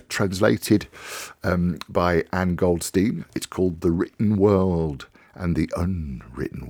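Low, husky radio host. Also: male voice, darkish tone, no room sound. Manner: rambling and informal, with fillers. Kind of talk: radio show, reading aloud then casual chat. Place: radio studio.

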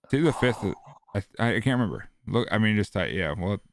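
Low-voiced profane podcast co-host man. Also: expressive, quick pace, slight background noise. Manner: profane, joking. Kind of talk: casual podcast banter.

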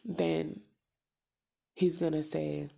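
Gravelly-voiced woman venting bluntly. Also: low-pitched, flat delivery, extremely slow, mellow. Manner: blunt, profane, emphatic repetition. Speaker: podcast host. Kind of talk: casual venting monologue.

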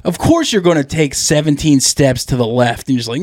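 A podcast co-host with a mid-range, slightly mellow voice talks briskly with lively intonation, recorded dry and clean in a studio. On this casual comedy show he tells rambling, profane stories and acts out the people in them.

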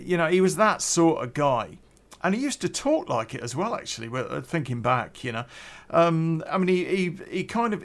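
A man's voice: medium pitch, a bit bright. A middle-aged man casually telling a story on a podcast, rambling and hesitant, with many fillers and restarts.

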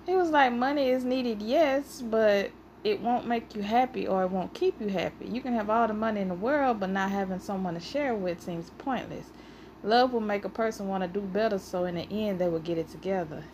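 A woman hosting a casual solo podcast, telling stories in an animated, playfully argumentative way and sounding a little out of breath. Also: mid-range voice, brisk, slight background noise. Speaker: podcast host.

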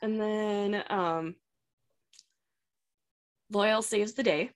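An upbeat woman co-hosts a podcast, reviewing a TV episode in easy, chatty talk. Her pitch sits in the ordinary middle range, and her sentences often trail off into quiet asides. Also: steady tone, very slow. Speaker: podcast co-host. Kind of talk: casual chat reviewing a TV episode.

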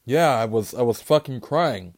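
A man's voice: medium pitch, lively intonation, normal speed, darkish tone. Profane, rambling man hosting a podcast. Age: adult parent. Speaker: podcast host. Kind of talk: solo podcast monologue.

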